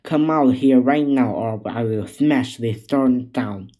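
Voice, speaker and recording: A man voicing a fierce, hot-tempered male monkey king who shouts commands in a children's story reading. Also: mid-range voice, lively intonation, slow pace, slight background noise.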